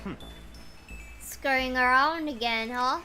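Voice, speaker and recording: High-voiced, excitable woman streamer. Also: slow pace. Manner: excitable, chatty, talks to chat. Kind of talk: casual game livestream chat. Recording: loud game music behind.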